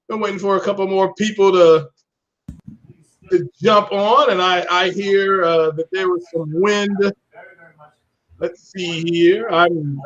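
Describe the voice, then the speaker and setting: Man hosting a casual gaming podcast; upbeat, shout-out-heavy, fairly high voice, dull lo-fi stream sound. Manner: upbeat, repeats shout-outs and greetings. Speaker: podcast host. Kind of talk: casual live-stream chat. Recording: muffled lo-fi stream audio.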